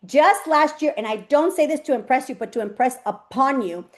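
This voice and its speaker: A woman's voice: high-pitched, lively intonation, fairly quick. A woman coach speaking on a live video call, chatty and emphatic, laughing often as she motivates her group.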